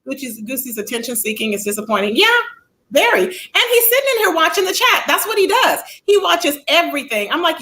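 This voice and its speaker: A woman runs her own livestream with a casual, sassy attitude, chatting freely and reading viewers' comments out loud. Her high voice sounds bright and forceful, with lively intonation and a brisk pace. The recording quality is rough.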